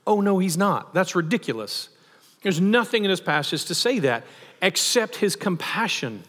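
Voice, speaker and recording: Conversational preacher in a reverberant hall. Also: male voice, high voice, very animated, normal speed, a bit bright. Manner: conversational, with rhetorical questions and emphatic asides. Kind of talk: sermon.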